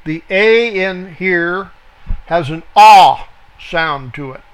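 A man teaching a verse-by-verse Bible study, slow and deliberate, pausing to spell out words and correct himself. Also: sits high, lively intonation, smooth.

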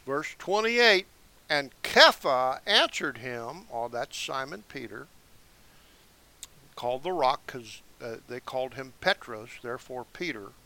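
A Bible teacher, seated indoors, reads scripture verse by verse in a slow, deliberate way, pausing for casual explanatory asides. His medium-pitched voice is pushed and bright, with lively intonation.

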